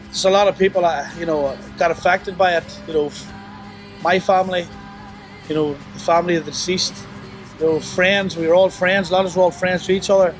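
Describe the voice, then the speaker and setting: Remorseful man, halting speech. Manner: halting, full of "you know" and restarts; remorseful, low and subdued. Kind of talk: personal confession interview.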